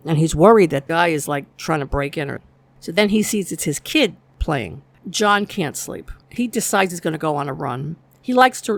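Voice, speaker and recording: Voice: mid-range voice, vocal fry. A TV show reviewer giving a chatty, casual recap of an episode's plot, with the odd light laugh.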